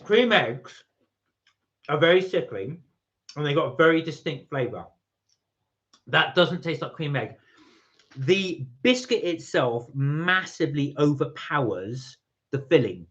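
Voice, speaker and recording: A chatty man with a fairly high voice talks through a casual live stream. He rambles, reads viewer messages aloud and reacts as he goes. The stream audio is muffled and lo-fi. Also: animated, a little slow, long pauses, fairly bright tone.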